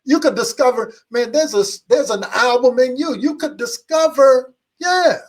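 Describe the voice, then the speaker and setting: Middle-aged male pastor, high voice, repetitive call-and-response sermon that builds up. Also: normal speed. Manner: call-and-response preaching, repeats phrases, builds in excitement. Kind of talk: motivational livestream sermon.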